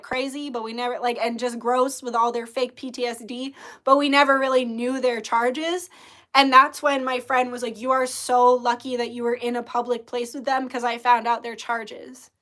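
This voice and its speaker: Woman host, high bright voice, blunt profane storyteller venting to her audience. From Native American. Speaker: spiritual livestream host. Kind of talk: casual monologue storytelling.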